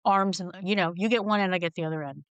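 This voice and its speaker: A woman's voice: on the low side, quick pace, clear, resonant tone, no room sound, lo-fi sound. A middle-aged woman speaking frankly as a podcast guest, telling wry stories and acting out the people in them. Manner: frank, wry, acts out quoted voices. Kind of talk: candid storytelling conversation.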